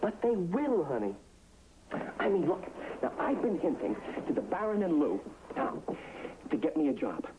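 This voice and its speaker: In a 1960s TV drama heard through a tinny old soundtrack, an actor with a fairly high voice at normal speed plays a former waiter, with background noise present. The character is an eager, boastful dreamer who sounds excited and wheedling, coaxing constantly and repeating "I mean."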